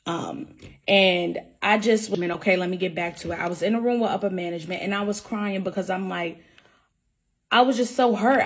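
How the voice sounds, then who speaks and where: A woman's voice: medium pitch, brisk, fairly bright tone. A young woman speaking straight to her viewers about being suspended at work, earnest and repeating herself as she goes over each point. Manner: repetitive, earnest, often restates her point. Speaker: employee telling her story. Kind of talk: emotional personal account to camera.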